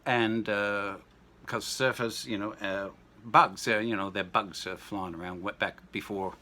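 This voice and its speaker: A man's voice: lowish voice, steady tone, a little slow, bright, forceful tone. A man in his sixties chatting casually through a home cocktail demo, rambling into jokey asides and anecdotes. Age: 60s. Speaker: home cooking vlogger. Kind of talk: casual kitchen demo chat.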